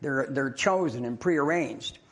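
A man's voice: medium pitch, lively intonation, a little slow, fairly bright tone. A man preaching a sermon in a church, telling a joke story and chatting with the congregation. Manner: conversational, laughing with the congregation. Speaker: pastor.

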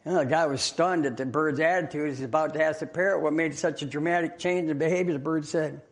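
A man's voice: on the high side, steady tone, fast talker, hardly any pauses. A man preaching a sermon in a church, telling a joke story and chatting with the congregation. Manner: conversational, laughing with the congregation. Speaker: pastor.

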